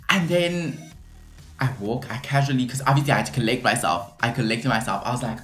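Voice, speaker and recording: A young woman telling a story to her vlog viewers, animated and dramatic, full of "like". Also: rumbling low, normal speed, pauses often, echoey room, soft background music. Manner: animated, dramatic retelling with lots of "like". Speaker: vlogger.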